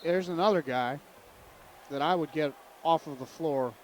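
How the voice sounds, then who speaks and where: A man calling a local high school basketball game in a chatty play-by-play style, with faint noise behind him. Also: moderate pace. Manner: chatty, jokey, calls the plays. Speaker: play-by-play announcer. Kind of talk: local sports commentary.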